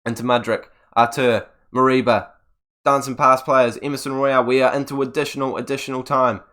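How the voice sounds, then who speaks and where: A young man commentating on his own video game, exasperated and swinging between loud outbursts and low muttering. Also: fairly even intonation, brisk. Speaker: gaming video creator. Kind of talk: live gameplay commentary.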